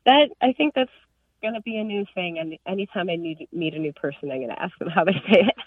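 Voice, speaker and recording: A young woman from northern Illinois calling in to a radio show, chatting in an animated way. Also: lowish voice, fast, dry recording, distant mic. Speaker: caller. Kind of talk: phone-in call. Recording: tinny phone line.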